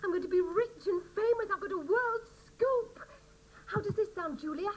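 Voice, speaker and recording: An actress playing an eager, gullible do-gooder in a sitcom, earnest and gushing. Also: female voice, very high-pitched, moderate pace, rough recording. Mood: thrilled. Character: eager, gullible do-gooder woman who craves excitement. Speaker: refuge resident. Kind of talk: 1980s TV sitcom acting. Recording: hissy old TV soundtrack.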